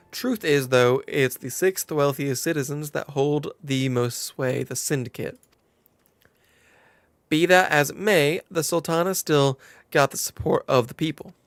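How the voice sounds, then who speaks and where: A man's voice: fairly high pitch, warm tone, dry recording, lightly acted. A man voicing a shrewd, confiding innkeeper woman, reading game dialogue aloud with a put-on southern drawl.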